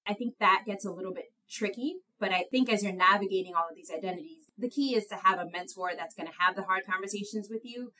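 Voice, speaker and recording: A young woman speaking as an interview guest. Her voice sits a little low for a woman, though she calls it high, and she tells her stories in a lively, self-mocking way, laughing along. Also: poor audio. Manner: animated storyteller, laughs at herself, high light voice. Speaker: guest, attorney. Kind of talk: conversational interview.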